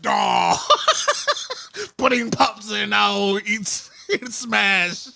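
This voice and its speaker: A man putting on a shouted, mumbly impression of an angry giant, breaking into laughter. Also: sits high, animated, very slow, vocal fry, a little hiss or hum, heavily acted. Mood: blustering. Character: blustering angry giant, in a famous man's mumbly voice.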